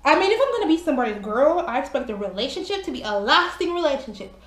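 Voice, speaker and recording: Young woman telling a story, lively and chatty, kinda high voice, echoey room. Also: fast. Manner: animated, exclamatory, chatty, curses casually. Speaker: vlogger. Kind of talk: casual storytime.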